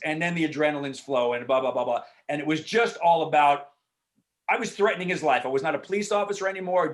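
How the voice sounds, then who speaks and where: A man, an actor, answering questions in a casual Q&A over a video call, frank and animated, swearing freely and filling talk with asides. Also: on the high side. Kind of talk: casual Q&A storytelling.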